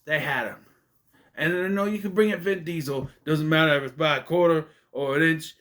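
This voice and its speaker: A man's voice: a little high, normal speed, fairly bright tone. A man casually reviewing a movie, rambling and conversational with many fillers and restarts. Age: adult.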